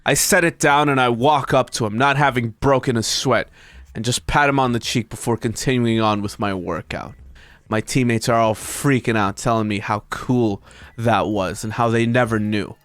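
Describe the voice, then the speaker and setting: A male streamer reading an internet story aloud to his chat, breaking off into high, disbelieving comments. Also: normal speed, no echo. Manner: animated, breaks into high-pitched disbelieving asides.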